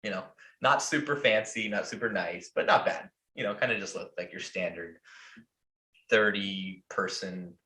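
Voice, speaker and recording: An American man tells a story in a loose, profane ramble that is full of fillers. His voice is fairly low yet bright and forward. The recording carries a roomy echo. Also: normal speed. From United States. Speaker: podcast host. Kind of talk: casual storytelling.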